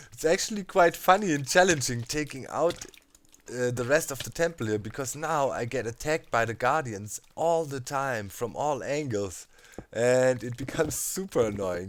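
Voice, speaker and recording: Animated gamer man. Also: medium pitch, a little hiss or hum. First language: German. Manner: animated, laughing, heavy on fillers like "you know, man". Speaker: let's play host. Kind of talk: casual storytelling over gameplay.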